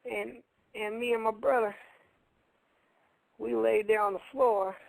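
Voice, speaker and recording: High, gravelly man telling a story. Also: steady tone, a little slow, dry recording, rough recording. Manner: rambling, colloquial, repeats phrases. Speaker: radio show co-host. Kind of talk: casual storytelling.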